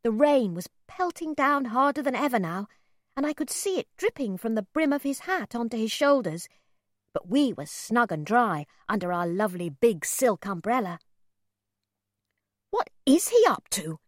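Expressive woman reading a story aloud. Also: on the high side, no echo, clean studio sound. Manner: expressive, measured first-person narration. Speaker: audiobook narrator.

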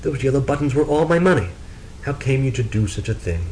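A man's voice: deep voice, expressive, moderate pace, dark tone, slight background noise, low-quality recording. A man voicing an exasperated farmer husband in a storybook reading, scolding his wife in a raised voice.

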